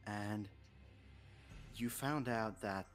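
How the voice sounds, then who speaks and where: A man narrating as game master of a tabletop game, setting scenes in a measured, unhurried way. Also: on the low side, faint music behind.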